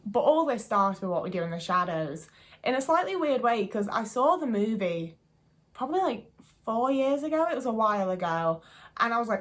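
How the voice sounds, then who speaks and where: A woman's voice: mid-range voice, expressive, brisk. A young woman chatting to camera in a rambling, gushing way, swearing casually as she goes. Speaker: vlogger.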